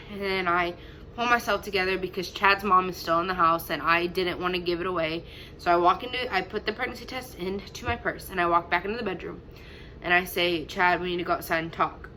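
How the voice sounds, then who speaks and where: A woman's voice: mid-range voice, bright, forceful tone, a little hiss or hum, poor audio. A young woman telling a personal story in a chatty, casual way, full of fillers. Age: young adult. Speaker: vlogger.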